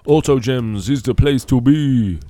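A man's voice: mid-range voice, unhurried. A man from Ireland co-hosting a crude, sweary podcast chat with his mates. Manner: swears a lot, loud joking. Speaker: podcast co-host. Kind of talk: crude casual banter.

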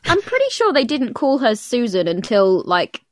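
A woman chats about a film on a podcast in an amused, easygoing way. Her voice sits a little high, and the sound is dry and close. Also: huge pitch swings, normal speed, no room sound. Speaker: podcast co-host. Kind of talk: casual film discussion.

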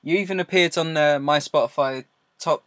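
A man's voice: a little high, moderate pace, a bit bright, no room sound. A man hosting a small indie radio show, chatting with his guest in a teasing, playful way. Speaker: radio host. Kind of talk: casual radio interview chat.

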